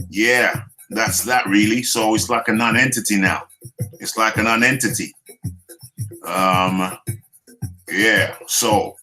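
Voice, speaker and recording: Hosting a casual live boxing stream, a British man from the United Kingdom speaks with a bright, forward tone while faint music plays low behind him. He chats with viewers, joking, teasing, laughing often and repeating phrases.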